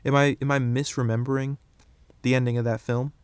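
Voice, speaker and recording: A young man hosting a solo podcast, rambling through his opinions in a casual, animated way with frequent restarts. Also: medium pitch, a little fast, smooth, no room sound. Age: young adult. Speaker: podcast host.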